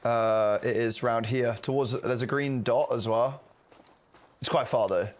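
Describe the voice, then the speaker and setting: A young man in casual gaming banter, easily excited and quick to tease. He laughs a lot and talks at an ordinary middle pitch, close on a headset mic. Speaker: gamer.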